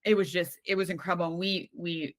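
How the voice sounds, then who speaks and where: A woman with a low-set voice talks as a podcast guest. She tells her stories in a candid, animated way, often restarting her sentences. The recording is dry and close. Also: quick pace, no echo. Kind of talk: casual conversational storytelling.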